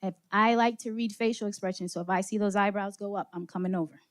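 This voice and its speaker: A woman's voice: medium pitch, fast. A woman giving an interactive motivational workshop talk to a live audience, moving among them and asking questions, a little out of breath. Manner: energetic, engages audience with questions and laughs. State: slightly out of breath. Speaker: speaker leading a workshop session. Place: conference room with live audience.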